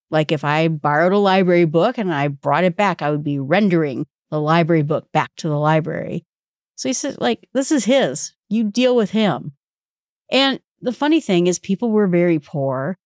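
A woman's voice: fairly low pitch, darkish tone, no room sound, clean studio sound. A woman hosting a Bible study podcast, teaching conversationally, reading scripture aloud and asking rhetorical questions.

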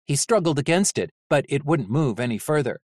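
Animated audiobook narrator. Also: medium pitch, fairly quick, no echo, clean studio sound. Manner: expressive, animated reading.

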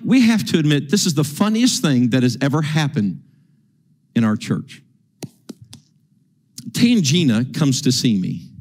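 Husky, animated preacher man. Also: a little high. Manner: animated preaching, repeating words, acting out quotes. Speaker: pastor. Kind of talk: sermon. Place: church sanctuary.

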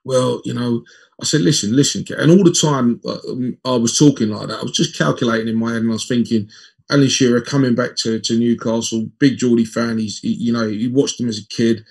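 A man in his fifties, a former footballer, telling lively anecdotes as an interview guest and acting out the dialogue. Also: medium pitch, a little fast, vocal fry, breathy edge. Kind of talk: conversational storytelling in an interview.

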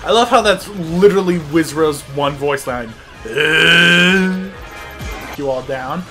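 A gameplay commentator talking casually over a video game, excitable and sarcastic, often breaking into laughter. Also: mid-range voice, normal speed, music in the background. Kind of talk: casual let's-play commentary.

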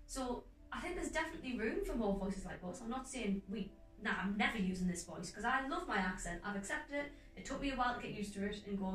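A young woman in her twenties with a North East English accent, an actress talking as a guest in a casual interview, emphatic and animated with quick restarts. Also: medium pitch. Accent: North East England. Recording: echoey room, mic at a distance, faint music.

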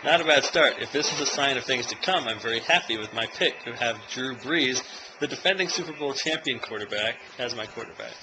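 A man's voice: medium pitch, a little fast. A young man rambling and joking in a casual daily video blog. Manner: rambling and jokey. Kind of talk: casual chat. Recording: noisy background.

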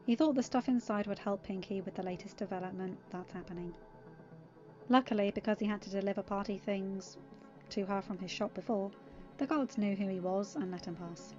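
A woman narrating a fan story aloud in a steady, expressive reading. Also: mid-range voice, a little fast, muffled recording, soft background music. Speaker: reader.

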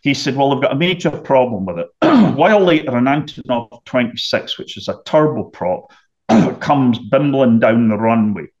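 A middle-aged man from the United Kingdom, a podcast guest telling a vivid story and often clearing his throat. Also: medium pitch, lively intonation, normal speed, dull audio. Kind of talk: storytelling anecdote.

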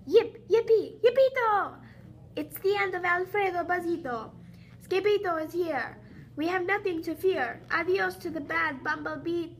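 A woman voicing a jubilant male chihuahua gang leader, cheering in a loud sing-song way. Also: high voice, moderate pace, few pauses, slight background noise, natural voice.

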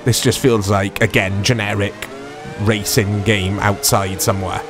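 A man's voice: on the low side, little pitch movement, measured pace. A man giving casual, rambling commentary while playing an old racing game. He is self-deprecating and full of tag questions. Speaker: retro game reviewer. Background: background music.

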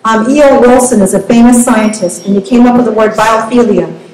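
A woman giving an impassioned, halting public comment at a community meeting, repeating words as she goes. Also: a little high, a little mellow. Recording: echoey room, faint ambient noise.

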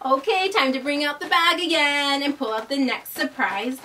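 A young woman hosting a toddler learning video, talking in a slow, exaggerated, sing-song way. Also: high voice, sharp tone, recorded from a distance, slight background noise. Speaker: children's educational host. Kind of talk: teaching toddlers.

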